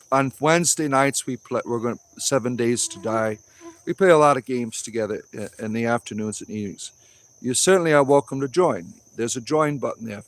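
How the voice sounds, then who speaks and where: A man hosting a casual livestream outdoors, reading and answering chat in a blunt, offhand way, with preachy asides. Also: mid-range voice. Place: outdoors in a wooded grove.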